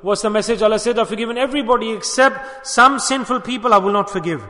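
A fast-talking man with a high-pitched, sharp voice delivers a sermon, recounting a story and urging the people listening. Urdu and Arabic religious words run through it, and the sound echoes with long hall reverb.

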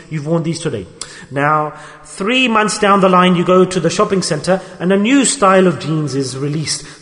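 A male preacher giving an emphatic sermon with storytelling, swinging from loud exhortation to a hushed softness. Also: sits high. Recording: long hall reverb.

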